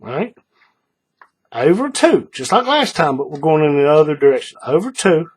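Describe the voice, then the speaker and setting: Lively husky man teaching a craft. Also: a little high, normal speed. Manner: patient, repeats steps, checks in with "all right?". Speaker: paracord bracelet instructor. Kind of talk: hands-on craft tutorial.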